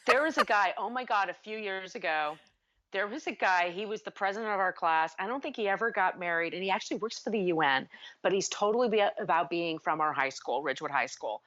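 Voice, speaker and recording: Animated ranting woman in her forties. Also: mid-range voice, a little fast. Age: 40s. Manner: animated storyteller, swears freely when ranting. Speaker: podcast co-host. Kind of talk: casual chat. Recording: dull lo-fi sound.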